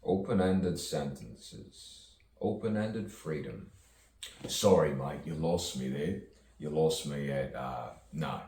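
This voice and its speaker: A man's voice: very deep voice, slow pace, darkish tone, a little hiss or hum. A man, a poet, rambling playfully through an improvised monologue full of rhyming wordplay and chuckles. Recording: roomy, distant mic, faint ambience.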